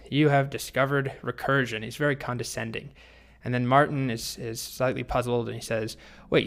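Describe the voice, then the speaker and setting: A man teaching programming, telling a story in a playful, lively way before the lesson. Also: mid-range voice, creaky. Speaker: programming instructor. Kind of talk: storytelling tutorial.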